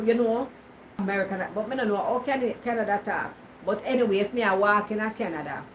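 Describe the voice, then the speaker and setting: A woman's voice: mid-range voice, noisy background. Jamaican woman chatting in Patois. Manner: teasing, talks back to comments. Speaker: vlogger. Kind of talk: casual chat to viewers.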